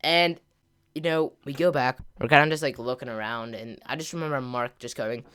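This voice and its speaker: A man hosting a gaming channel who tells a casual story over gameplay. He rambles, packs his talk with filler words and mild slang, and gets louder as the story builds. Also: mid-range voice, normal speed, clean tone. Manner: grows louder and more excited as the story climaxes.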